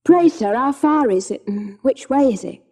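A woman's voice: on the high side, normal speed, mellow, husky. A woman playing a frightened, pleading young mother. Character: poor, frightened young countrywoman with a sick child.

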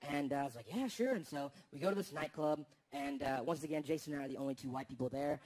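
A man doing stand-up comedy, animated and acting out the voices of his friends. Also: a little high, quick pace, heavy background noise. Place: large theater with a live audience. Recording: live stage recording with a crowd. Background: audience laughter.

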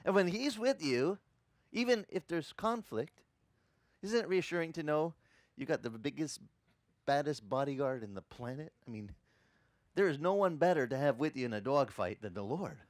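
A man's voice: on the high side, normal speed, dry recording, studio quality. A man preaching a sermon as a pastor, telling stories and asking his congregation questions. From Sicilian family. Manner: animated storytelling preacher, asks the congregation questions.

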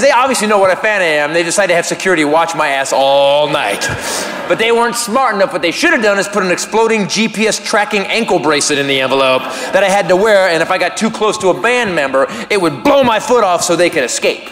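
A middle-aged man performing a stand-up comedy routine, telling a story in an animated way and breaking into high shouted voices, recorded live on stage. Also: fast talker, a little hiss or hum. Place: theater stage. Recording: live stage mic in a reverberant hall. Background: audience ambience.

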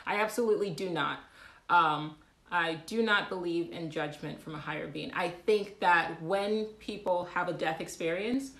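Woman, livestream host, low pitch, casual and animated, echoey room. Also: moderate pace. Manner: animated, laughing, many fillers and restarts.

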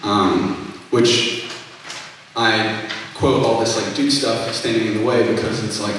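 With a slow, steady delivery and a slightly bright voice on the low side, a young man rambles through an informal testimony between songs at a student concert, full of fillers and self-corrections. The recording is distant and echoey in the concert hall, with slight background noise.

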